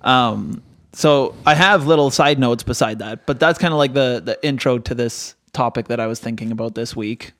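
A man's voice: medium pitch, moderate pace, fairly bright tone, dry recording. Thoughtful man musing over a dry mic. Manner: thoughtful, hesitant restarts, talks through ideas. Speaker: pastor and podcast co-host. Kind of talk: casual reflective chat.

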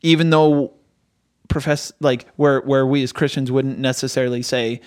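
A man who preaches and co-hosts a podcast reflects aloud in casual chat, thoughtful and hesitant, restarting often as he talks through ideas. His voice is mid-range and darkish, smooth, with fairly even intonation at a normal speed. The studio-quality recording has no room sound.

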